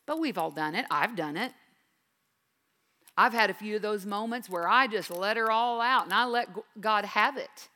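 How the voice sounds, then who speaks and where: Woman, 50s, high bright voice, earnest devotional teacher, reverberant hall. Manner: earnest, emphatic, swings from quiet to intense. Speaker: Bible teacher.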